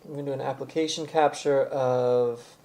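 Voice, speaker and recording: A man's voice: mid-range voice, steady tone, moderate pace, mellow. Chatty livestream host man. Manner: chatty, talks while eating and handling gear. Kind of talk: casual livestream chat.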